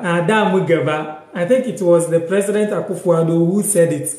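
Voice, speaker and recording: In an echoey room, a man with a Ghanaian accent gives a casual language lesson on a live stream, repeating words and reading out comments from viewers. His voice sits high with a darkish tone, at a moderate pace.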